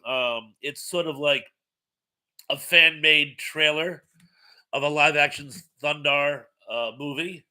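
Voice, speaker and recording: A man's voice: fairly high pitch, bright, forceful tone. A man hosting a casual live stream chat, reading viewer comments aloud in a chatty, rambling way with many filler sounds.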